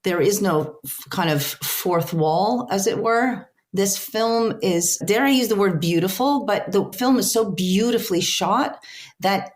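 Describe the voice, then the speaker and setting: A woman translator being interviewed, speaking earnestly and haltingly as she searches for words. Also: mid-range voice. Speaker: translator guest. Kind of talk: reflective interview answers.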